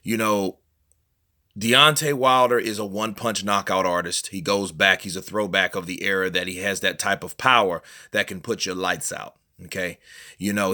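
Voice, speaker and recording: A man hosts a boxing news vlog, talking in a low, forceful voice. He rambles conversationally, leaning on fillers as he breaks down the latest news for his viewers. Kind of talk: casual commentary vlog.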